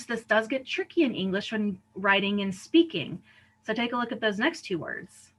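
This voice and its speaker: A woman teacher explaining a lesson in clear steps, often checking in with "right?". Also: fairly high pitch, a bit bright. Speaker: Spanish teacher. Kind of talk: recorded lesson.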